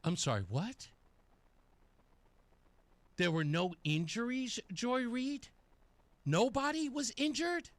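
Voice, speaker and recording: A man's voice: sits high, sing-song, slow, pauses often, a bit bright, dry recording. A male talk radio host delivering a taunting, sarcastic monologue.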